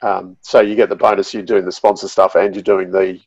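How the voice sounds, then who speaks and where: A man chatting as a podcast guest over a call, relaxed and hedging with fillers. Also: sits low, fairly quick, no room sound, lo-fi sound. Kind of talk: casual chat. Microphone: video call.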